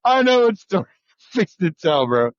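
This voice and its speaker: A man's voice: high-pitched, very animated, normal speed, dry recording, lo-fi sound. A man hosting a live trucking stream, laughing often, egging on his guest and greeting viewers. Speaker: host.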